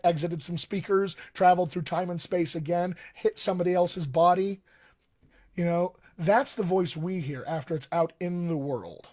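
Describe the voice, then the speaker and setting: A man teaching a live-streamed voice lesson as a dialect coach, explaining things conversationally and speaking straight to his viewers. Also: sits high. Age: young adult. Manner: conversational, explains with analogies, addresses viewers directly.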